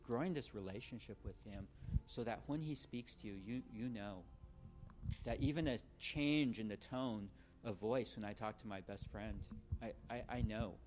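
A man's voice: fairly low pitch, normal speed, darkish tone. A man preaching a sermon in an earnest, conversational way, often restarting his words, then leading the congregation in prayer.

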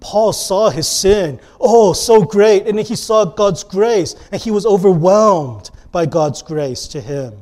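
A man with a high voice delivers a sermon. He preaches earnestly as a pastor, pressing some lines hard and dropping others to a hush. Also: animated, unhurried, hardly any pauses. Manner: earnest preaching, swinging between emphatic and hushed.

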